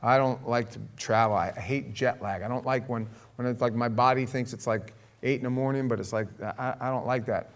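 Animated storytelling male pastor. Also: mid-range voice, brisk, few pauses. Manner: storytelling, animated, acts out dialogue. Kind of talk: sermon.

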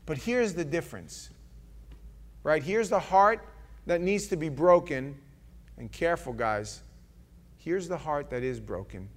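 A man preaching a sermon as pastor, earnest and pleading, dropping from loud passages to hushed ones. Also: a little high, animated, a little slow, long pauses.

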